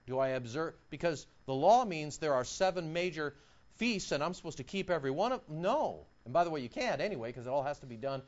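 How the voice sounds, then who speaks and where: A male pastor preaching a sermon, animated and emphatic, firing off mocking rhetorical questions. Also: on the high side, brisk, highs cut off.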